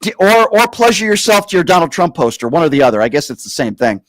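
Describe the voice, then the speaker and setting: A man hosting a call-in talk show, talking down to a caller in a slow, repetitive, insulting way. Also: a little high, big pitch swings, dry recording, rough recording.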